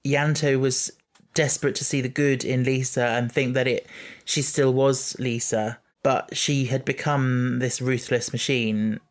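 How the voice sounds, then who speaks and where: A man co-hosting a casual podcast, explaining points in a steady way. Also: mid-range voice, a little slow. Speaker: podcast co-host. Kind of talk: casual chat.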